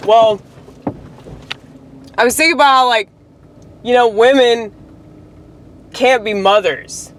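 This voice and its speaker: A woman's voice: on the high side, slow pace, pauses often. A woman delivering a heated, profane, rambling monologue rant straight to the camera.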